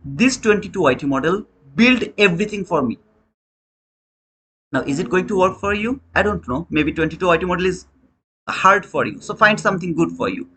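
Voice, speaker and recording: A man's voice: high voice, animated, a little fast, a bit bright, slight background noise. A man teaching trading in a preachy, repetitive way, often calling the listener brother, speaking English as a second language. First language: Bengali. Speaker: trading educator. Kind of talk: motivational lecture.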